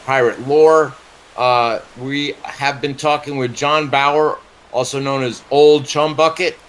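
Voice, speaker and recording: Relaxed man hosting community radio. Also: medium pitch. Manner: relaxed, hesitant, thankful. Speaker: radio host.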